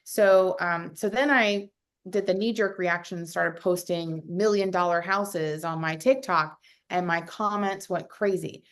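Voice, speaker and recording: A young adult woman, a realtor, chatting casually over a video call, animated and full of fillers. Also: lowish voice, unhurried. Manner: chatty, animated, acts out quotes with lots of fillers. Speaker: realtor panelist.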